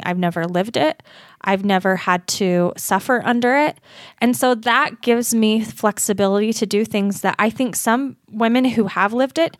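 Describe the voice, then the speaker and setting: A woman's voice: medium pitch, no echo, studio quality. A woman from Utah, a guest advocate, talking earnestly and reflectively in an interview, often critical of herself. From Utah, USA.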